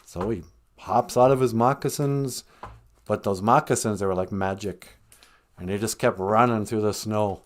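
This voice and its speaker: A man's voice: on the low side, normal speed. A man retelling a traditional tale on a podcast in a casual, chatty way, with joking asides. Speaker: podcast storyteller. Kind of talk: casual storytelling.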